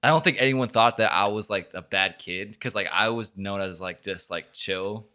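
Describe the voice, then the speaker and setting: Low-voiced young man telling a rambling story. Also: moderate pace, pushed and bright. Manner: rambling, swears a lot, full of filler likes. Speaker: podcast host. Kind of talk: casual storytelling chat.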